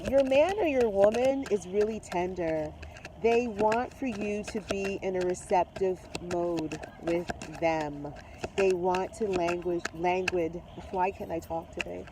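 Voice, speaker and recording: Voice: mid-range voice, unhurried, noisy background. A tarot reader chatting to viewers while reading the cards, effusive and direct, mixing spiritual talk with slang and swearing. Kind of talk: casual tarot reading to camera.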